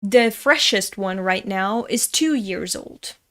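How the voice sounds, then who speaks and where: Slow but bright and forceful, with lively intonation at medium pitch, a woman from Europe hosts a manga reading. Her chatty, self-deprecating storytelling and manga commentary are punctuated by frequent laughter.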